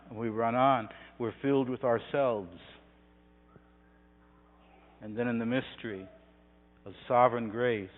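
A man preaching a sermon, building from quiet, hushed phrases to loud, swelling passages. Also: medium pitch. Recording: tinny phone-like sound in a reverberant hall with hum.

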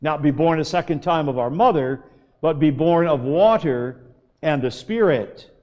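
A man preaching a sermon, slow and emphatic, with long pauses. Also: a little high, darkish tone, muffled recording. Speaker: pastor.

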